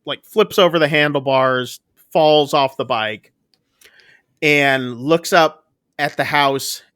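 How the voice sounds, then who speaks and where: Casual male co-host, bright forceful voice, dry close sound, rambling recap. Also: on the high side, smooth, no echo. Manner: rambling, filler-heavy storytelling with quick jokes. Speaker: podcast co-host reviewing a film. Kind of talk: casual chat, recapping a plot.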